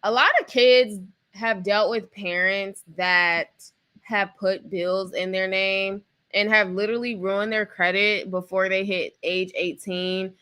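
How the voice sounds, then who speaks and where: A chatty woman hosts a live stream with a bright, clear tone. She talks loosely to her chat and drifts through long ums between points. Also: mid-range voice, steady tone. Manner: chatty, addresses the chat, drawn-out fillers. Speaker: host. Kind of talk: casual live-stream commentary.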